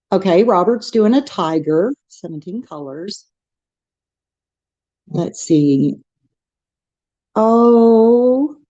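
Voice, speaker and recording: A woman's voice: on the low side, warm tone, no room sound, lo-fi sound. A middle-aged woman with a Texan accent, hosting a casual craft livestream, chatting and reading the chat aloud with frequent laughs. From Texas. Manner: chatty, laughs often, rambling restarts.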